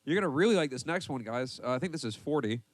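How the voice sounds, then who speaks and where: A man's voice: mid-range voice, lively intonation, quick pace, no room sound. A man in the middle of his range, reading down a list and groaning at it with profane mock outrage. His voice is dry and close, with no room sound behind it. He laughs often between items. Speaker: podcast host reading a list. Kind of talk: casual banter with heavy swearing.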